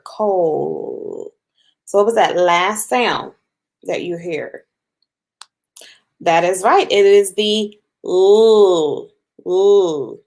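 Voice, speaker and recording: Woman, teacher, phonics lesson for small kids, very slow, lively pitch, patient and encouraging. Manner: slow, patient, drawn-out sounds with encouraging praise. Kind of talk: phonics lesson for young children.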